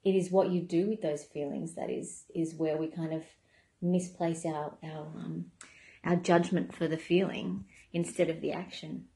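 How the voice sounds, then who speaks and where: A woman wellness coach giving a calm, gentle self-help talk in a conversational way. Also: low-pitched, normal speed, gravelly. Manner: calm, gentle, conversational, with many "you know" asides. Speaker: wellness coach running a membership program. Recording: echoey room.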